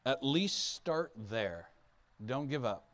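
This pastor's mid-range voice is animated and fairly bright, and he preaches slowly in a conversational style. He poses questions to the audience and acts out Bible figures playfully.

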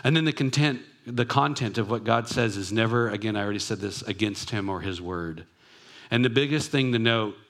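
A man's voice: fairly low pitch, a bit bright. Conversational male pastor preaching. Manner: conversational, reflective, with personal asides. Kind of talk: sermon.

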